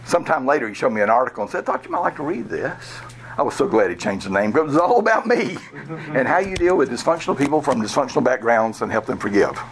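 Man, pastor, sermon storytelling, lively pitch, candid and self-mocking. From Georgia, USA. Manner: animated, candid storytelling, chuckling at himself.

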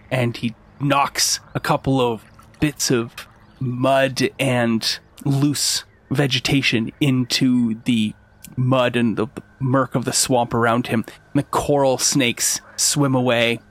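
This man's voice sits in the mid range with a fairly bright tone. He's the game master of a tabletop role-playing game, narrating the scenes vividly.

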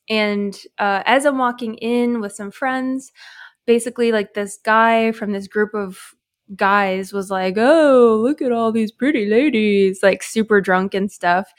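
A woman's voice: medium pitch, clean tone. A young adult woman casually telling a story, chatty and full of fillers. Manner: chatty, lots of fillers and laughs.

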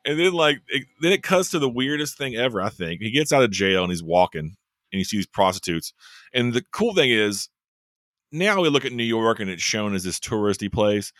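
A man co-hosting a casual chat, talking in a joking, wry way with quick asides. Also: on the low side, expressive, fairly bright tone, dry recording, studio quality. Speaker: podcast co-host.

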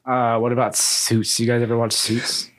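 Joking male podcast co-host, mid pitch. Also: level tone, moderate pace, a bit bright, no echo. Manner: joking, rambling, riffs with silly voices. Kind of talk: casual chat.

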